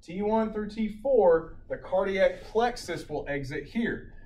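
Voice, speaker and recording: Male paramedic instructor, slightly high voice, casual classroom lecture, distant mic in a roomy hall. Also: measured pace. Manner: animated storyteller, acts out loud shouted quotes. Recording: echoey classroom from a distant mic, faint room noise.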